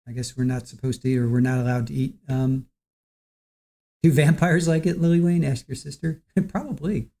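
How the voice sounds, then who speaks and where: Livestream host, casual chat, reading viewer comments, relaxed and chatty, mellow dark voice. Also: medium pitch, moderate pace.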